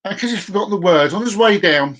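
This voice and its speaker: A man hosts a casual live stream with a high voice. He rambles, tumbles over repeated words and keeps losing his place. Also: animated, fast, a bit bright.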